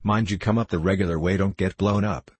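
Fussy breathless chess queen in a storybook, man reading it, deep husky voice. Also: fairly even intonation, fairly quick, no echo. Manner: breathless, flustered.

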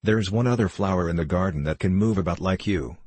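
A man's voice: low-pitched, a little fast, a little mellow, dry recording. A man reading as a blunt, condescending talking rose in a storybook. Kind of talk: audiobook reading.

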